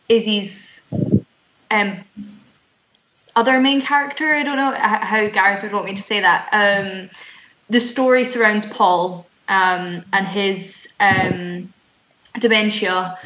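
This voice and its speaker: A woman's voice: mid-range voice, fairly bright tone. A young woman, an actor, chatting casually and giggly with lots of filler words. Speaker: actor, guest. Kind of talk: casual chat. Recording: roomy, faint noise.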